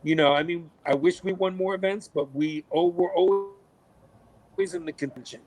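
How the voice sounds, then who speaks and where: A middle-aged man, a podcast guest, telling stories in a casual, animated way, cursing freely and acting out what people said. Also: fairly high pitch, moderate pace, over music, poor audio. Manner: animated, swears a lot, acts out quotes. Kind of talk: casual storytelling.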